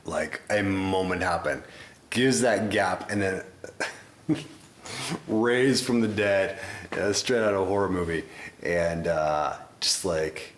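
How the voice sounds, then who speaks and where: A man hosting a music reaction video, talking in a rambling, excitable way with mock-scared asides. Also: deep voice, slow pace. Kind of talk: casual reaction commentary. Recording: echoey room with faint noise.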